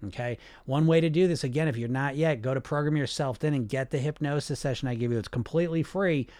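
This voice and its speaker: A man's voice: medium pitch, fast, a little mellow, no echo, clean studio sound. A man hosting a weight-loss coaching show, talking energetically and straight to his listeners, often repeating himself. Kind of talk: casual live coaching talk.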